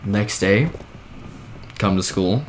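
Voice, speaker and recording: A man's voice: on the low side, slow. Rambling young man telling a story. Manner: rambling, drops "like" and "whatever" everywhere. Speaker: vlogger. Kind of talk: casual storytime. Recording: steady background noise.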